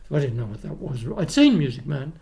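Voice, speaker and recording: Gravelly older Australian man reminiscing. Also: medium pitch, very animated, fast, a loud crowd. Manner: rambling anecdotes with frequent restarts and laughs. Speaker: guest, retired opera tenor. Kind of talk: casual chat, storytelling.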